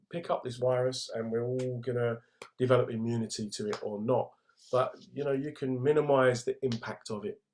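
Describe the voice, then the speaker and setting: A middle-aged comedian from London, England, hosts a casual livestream, joking in a laddish way and reading viewer comments aloud. His voice sits in the mid-range with a darkish tone.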